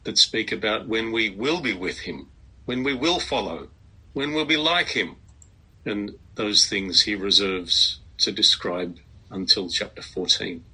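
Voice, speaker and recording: A man speaking at a Bible meeting in a measured, reflective way, reading hymn words, with a husky voice. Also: lowish voice, lively intonation, sharp tone, poor audio.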